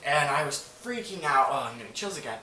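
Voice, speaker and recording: A man's voice: a little high, expressive, quick pace, pushed and bright. A man telling a story to camera in a casual, rambling way, full of "like" and swearing. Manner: rambling, filler-heavy, swears freely. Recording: echoey room, voice from a distance, faint noise.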